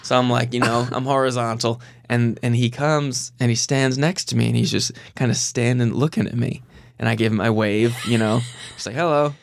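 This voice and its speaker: A young man with a gravelly, creaky voice tells a rambling story as a podcast guest, full of restarts and awkward, self-deprecating asides. His pitch sits in an ordinary middle range, and the sound is close and dry with no room echo. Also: steady tone, normal speed. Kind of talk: casual storytelling.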